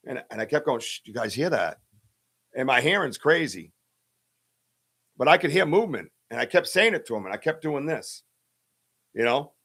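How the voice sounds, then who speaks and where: A man who hosts a podcast speaks in a medium-pitched, slightly bright voice. He tells a story casually on a live stream, rambling along with many fillers and restarts.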